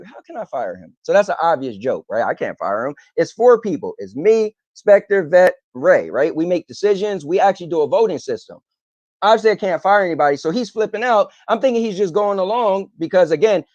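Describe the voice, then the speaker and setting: Rambling man, higher voice. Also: no room sound, lo-fi sound. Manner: rambling, animated retelling with filler ums. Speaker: podcast host. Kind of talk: casual storytelling monologue.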